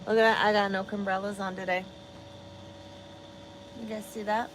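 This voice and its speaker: A woman's voice: mid-range voice, flat delivery, normal speed, background noise. A woman chatting casually on a live stream, rambling with lots of fillers, swearing freely and amused by her own jokes. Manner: profane, rambling, self-amused, many fillers. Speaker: vlogger chatting with live viewers.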